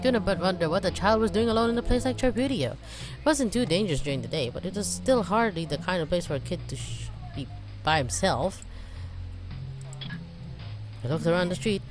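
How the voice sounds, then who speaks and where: A woman casually playing and reading out a story game, rambling and chatty with many fillers. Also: on the low side. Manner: rambling, animated, frequent fillers. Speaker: let's play gamer. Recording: voice over game music. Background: game music.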